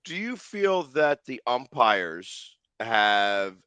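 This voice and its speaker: A man co-hosting a sports talk stream, teasing the others in a deadpan way and asking questions deliberately. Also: mid-range voice, clean tone, no room sound. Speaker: sports show co-host. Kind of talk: casual sports chat.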